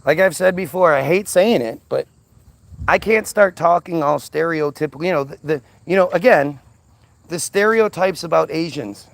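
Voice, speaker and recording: A man's voice: on the high side, normal speed, creaky, no echo. A man ranting in an unscripted monologue, agitated, often repeating and restarting words. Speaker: commentator.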